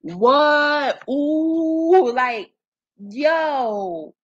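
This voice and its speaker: A woman's voice: high-pitched, lively intonation, drawn-out words, muffled recording. A woman hosting a commentary channel, reacting to a livestream clip with amused exclamations.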